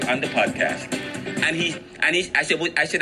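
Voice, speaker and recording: A man hosting a street interview podcast outdoors, talking in an emotional, halting way with many restarts. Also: on the high side, expressive, music in the background, rough recording. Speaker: podcast host.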